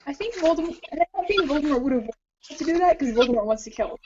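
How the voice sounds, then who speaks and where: A woman with a fairly high voice talks her way through ideas in a casual podcast chat, starting sentences over and jumping between thoughts. The audio is a bit dull and lo-fi. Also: fast talker, slight background noise. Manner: animated, thinks aloud with restarts. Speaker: podcast co-host. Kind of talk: casual book-club discussion.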